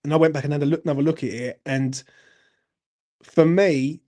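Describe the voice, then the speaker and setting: Blunt, sweary football fan streamer. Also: male voice, fairly high pitch, fairly even intonation, moderate pace, warm tone. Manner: blunt, sweary, chatty, addresses viewers as mate. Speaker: football fan channel host. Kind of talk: live-stream fan chat, reading viewer comments.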